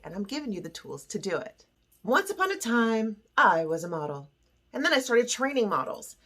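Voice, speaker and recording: A woman's voice: lowish voice, fairly bright tone. A woman hosting a self-esteem lesson, teaching in a playful, theatrical way and acting out little quoted voices. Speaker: self-esteem coach and show host.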